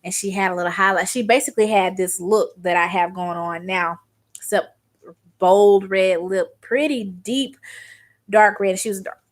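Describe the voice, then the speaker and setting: A young woman from Arkansas talks her way through a makeup routine, chatty and rambling. She drifts into stories in a relaxed vlogger's voice, with some Southern slang. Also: medium pitch, normal speed. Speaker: beauty vlogger. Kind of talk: chatty makeup tutorial storytelling.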